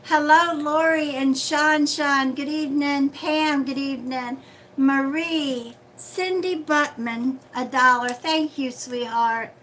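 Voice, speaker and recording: A woman's voice: high voice, fairly even intonation, takes it slowly, a bit bright, a little hiss or hum, poor audio. A woman hosting a casual livestream as a psychic reader, chatty and friendly, calling viewers sweetheart.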